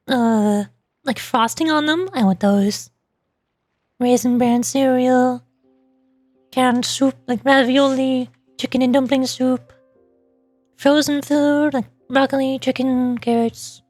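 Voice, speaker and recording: High-voiced, quick-talking woman streamer. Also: no room sound, soft background music. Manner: talks fast when excited, giggly. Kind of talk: casual livestream chat.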